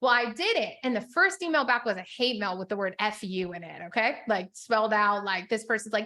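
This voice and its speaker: A woman's voice: on the high side, expressive, a little fast, pushed and bright. A woman business coach teaching a live group in a chatty, upbeat way, with lots of "like"s and frequent laughs. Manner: chatty, upbeat, filler-heavy with many "like"s.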